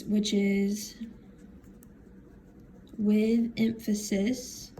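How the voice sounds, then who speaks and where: A woman teacher talks her class through a reading lesson, thinking aloud at an unhurried pace. Her voice is mellow and relaxed. A faint hum of room sound sits behind her. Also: medium pitch. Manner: slow, thinking aloud while writing.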